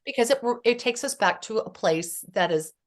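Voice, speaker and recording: A middle-aged woman speaking as a therapist guest on a podcast, earnest and spiritual, telling stories with lively energy. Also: mid-range voice, moderate pace. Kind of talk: casual podcast conversation.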